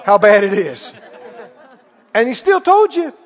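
A man preaches with a very high, lively voice, acting out Bible dialogue and chuckling as he goes. The sound is dull and rings with long reverb in a large hall. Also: measured pace, some chatter behind. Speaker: pastor. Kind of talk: sermon.

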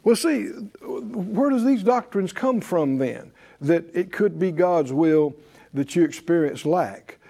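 A man's voice: high voice, lively intonation, takes it slowly, creaky, dark tone. A man preaching a sermon, reading verses with emphatic rhythm and leading the congregation in repeated call-and-response. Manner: leads audience in repeated responses.

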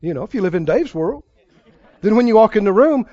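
Male pastor, fervent sermon, swooping animated pitch, slightly muffled sound. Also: a little fast, no room sound. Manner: fervent preaching with sudden loud praise and laughter.

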